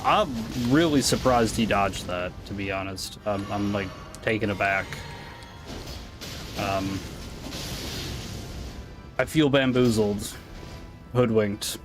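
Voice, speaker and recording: A man's voice: on the low side, takes it slowly, long pauses, music in the background. Rambling American man streaming a game. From United States. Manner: rambling, reacting to chat with asides. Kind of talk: casual live-stream chat while gaming.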